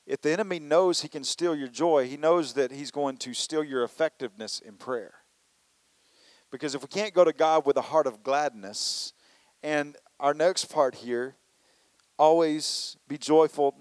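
A man's voice: mid-range voice, dry recording. A man preaching a conversational sermon, often saying "you know" and acting out people's complaints in prayer. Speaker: pastor.

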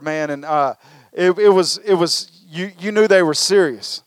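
A man preaching a sermon as pastor, animated and calling on the congregation to respond. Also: sits high, measured pace, no room sound, clean studio sound. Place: church service.

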